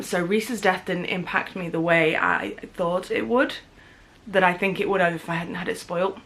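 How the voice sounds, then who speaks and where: A woman's voice: on the low side, a bit bright. A young woman in her twenties chatting casually at home in a book vlog, gushing and full of fillers. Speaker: book vlogger. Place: home, in pajamas.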